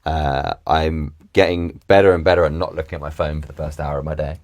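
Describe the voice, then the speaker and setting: A man who is a guest on a podcast, talking in an easygoing, relaxed way and often laughing. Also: very deep voice, brisk, no echo, clean studio sound. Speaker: podcast guest, actor and coach. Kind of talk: casual conversational interview.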